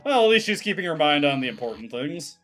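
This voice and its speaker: A man's voice: a little high, big pitch swings, fast, fairly bright tone. A man streaming a game, making wry, joking asides and reading dialogue aloud. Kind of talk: casual gameplay commentary, reading dialogue aloud.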